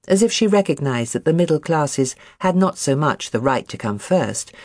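An audiobook narrator reading a novel chapter in an expressive, varied manner. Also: mid-range voice, slightly rough, no echo, clean studio sound.

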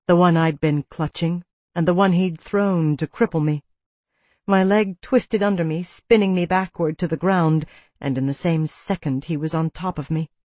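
A woman's voice: on the low side, a little mellow, dry recording. A woman reading a first-person audiobook with tense, vivid storytelling. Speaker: narrator.

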